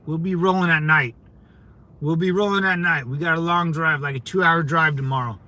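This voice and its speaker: A man's voice: a little high, steady tone, normal speed, sharp tone. A young man hosting a casual livestream, chatting with viewers in a laid-back way, laughing often and repeating his phrases. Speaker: livestream host. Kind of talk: casual livestream chat reading comments.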